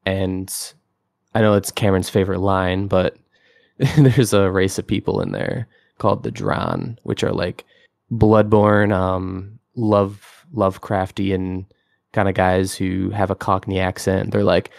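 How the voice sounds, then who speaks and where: A young man with a lowish voice and a gravelly edge, chatting casually as a podcast co-host. He rambles enthusiastically and leans on fillers. The sound is dry and close. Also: measured pace, darkish tone, no echo. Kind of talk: casual game-review chat.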